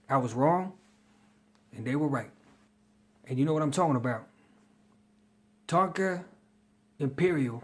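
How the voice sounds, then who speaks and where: Man, casual fragrance review, slangy chatter, somewhat high-pitched. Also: animated, measured pace, pauses often. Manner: slangy, chatty, hypes his picks.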